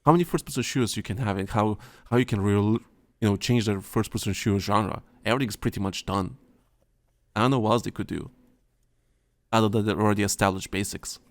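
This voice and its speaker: A man co-hosting a podcast in casual chat, rambling and halting, with plenty of fillers and restarts. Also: lowish voice, no echo. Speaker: podcast co-host.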